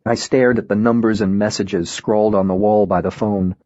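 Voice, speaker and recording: A man narrating an audiobook in a subdued, measured way. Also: on the low side, steady tone, warm tone, no echo, lo-fi sound.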